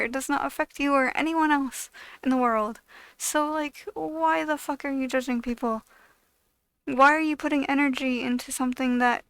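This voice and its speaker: High, gravelly woman ranting bluntly. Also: fairly bright tone, dry recording. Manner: blunt, heavily profane, exasperated ranting; loose, filler-heavy delivery with frequent "like". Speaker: video creator. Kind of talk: ranting vlog monologue.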